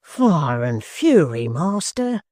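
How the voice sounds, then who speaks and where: A reader voicing a rough, hot-headed young man of the mob who bursts out loudly and impatiently. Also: medium pitch, big pitch swings, moderate pace, dry recording, clean studio sound. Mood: fiery. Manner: loud, impatient outbursts. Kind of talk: audiobook character voice.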